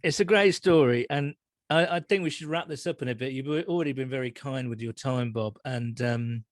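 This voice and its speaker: A man's voice: medium pitch, fairly quick, no echo, clean studio sound. A man hosting an interview, reacting briefly and politely wrapping things up. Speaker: podcast host, interviewer.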